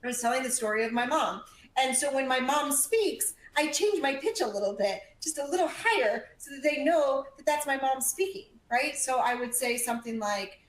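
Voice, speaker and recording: A woman coaching a live audience on public speaking, energetic and emphatic, shifting her volume and pace and leaning on pauses. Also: high voice, a little hiss or hum. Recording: echoey room.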